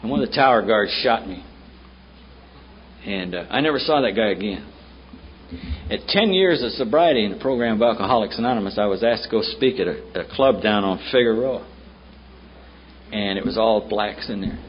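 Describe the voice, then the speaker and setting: In a meeting room, a Southern-accented American man shares his story at a recovery meeting, blunt and profane. His low voice is expressive and a little fast, broken by long pauses, and the old tape is muffled with faint hiss.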